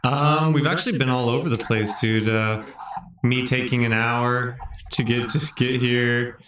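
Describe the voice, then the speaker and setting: A man's voice: medium pitch, steady tone, measured pace, echoey room, background noise. A man co-hosting a podcast in casual chat, telling stories in a rambling way with false starts. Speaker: podcast co-host.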